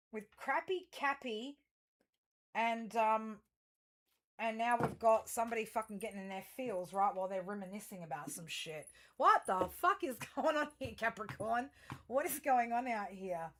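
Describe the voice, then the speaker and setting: A woman's voice: a little high, normal speed, a bit bright. A woman giving a casual tarot and astrology reading, talking straight to her viewers in a rambling, profane, chatty way, full of fillers and restarts. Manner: chatty, self-interrupting, frequent fillers.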